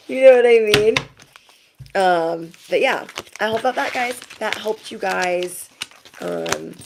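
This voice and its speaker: Low-voiced woman giving a chatty tarot reading. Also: vocal fry, background noise. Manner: chatty, reassuring, frequent "okay?" and laughs. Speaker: tarot reader. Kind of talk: casual tarot reading to viewers.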